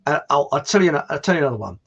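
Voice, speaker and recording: A middle-aged man rambling through a casual livestream, his voice husky and gravelly. His pitch swings about animatedly. The recording is dull and lo-fi. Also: a bit bright. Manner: rambling, chatty, self-mocking. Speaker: livestream host. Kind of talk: casual chat and joke telling. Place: warm indoor room.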